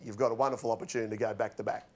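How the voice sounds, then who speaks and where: An Australian man in his sixties, a former footballer, telling relaxed stories on a panel show and laughing at his own anecdotes. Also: fairly low pitch, racing. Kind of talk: casual storytelling on a TV panel show.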